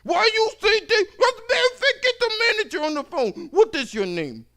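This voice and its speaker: A man voicing an irate male customer who shouts insults at a phone agent. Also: very animated, brisk, heavily acted. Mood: furious. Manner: shouting, high-pitched, accusing.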